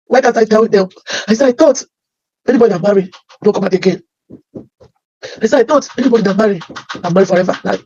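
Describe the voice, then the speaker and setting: Telling her life story as emotional testimony, a Nigerian-accented woman speaks haltingly, frequently repeating herself. Her medium-pitched voice is a little mellow, heard through a muffled recording with slight hiss or hum.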